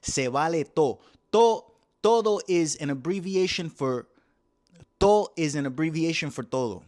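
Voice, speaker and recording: Puerto rican guy ranting comedy bits, swears a lot, voice sits a bit high, puerto rican accent. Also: moderate pace. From Puerto Rico. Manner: profane, animated, switching between English and Spanish. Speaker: comedy show host. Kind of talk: comedic monologue.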